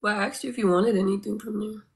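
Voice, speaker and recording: A woman's voice: mid-range voice, fairly even intonation, quick pace, gravelly. A woman streaming live, eagerly urging her viewers on and thanking them by name in casual chatter. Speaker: livestreamer.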